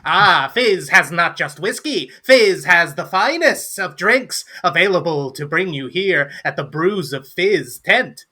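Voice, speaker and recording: A fussy little gnome barkeep, raised in pitch and bright and forceful in tone, as a man puts him on. He talks like a carnival showman who has swallowed an old book, all flourishes and archaic turns. It is a tabletop game voice. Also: lively intonation, measured pace, few pauses, full character voice. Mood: salesy. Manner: mock-old-fashioned, showman-like phrasing.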